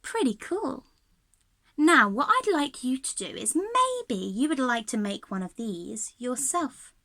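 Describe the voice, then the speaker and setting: A woman's voice: high voice, big pitch swings, slow pace, fairly bright tone. A young woman leading a children's singalong and movement lesson, bubbly and encouraging, with a sing-song delivery and frequent laughs. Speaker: early years music and drama teacher.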